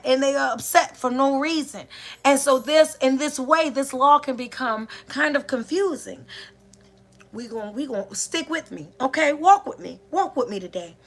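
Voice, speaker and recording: A woman giving a spiritual, sermon-like talk to a live audience, building her points with repeated phrases and rhetorical questions. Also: high-pitched. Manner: preacher-like, repetitive cadence, rhetorical questions; addresses listeners directly. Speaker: spiritual teacher. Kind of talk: live-streamed inspirational talk.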